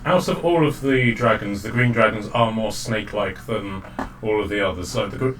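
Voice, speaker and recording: A man with a lowish, fairly bright voice narrates a tabletop game as dungeon master at normal speed, chatty and loose, full of fillers and laughter. Faint music plays behind him, and a distant mic picks up faint background noise.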